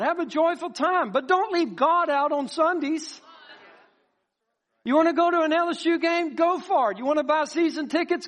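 A pastor preaches in a notably high voice for a man. He's folksy and animated, throwing out rhetorical questions and slipping into acted-out voices as he makes his point to the congregation. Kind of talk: sermon.

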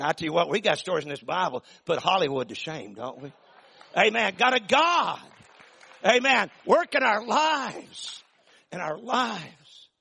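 An older pastor delivers a sermon in a folksy, emphatic way, drawing some phrases out and hitting others loudly. His voice is gravelly and somewhat husky, pitched a bit high for a man.

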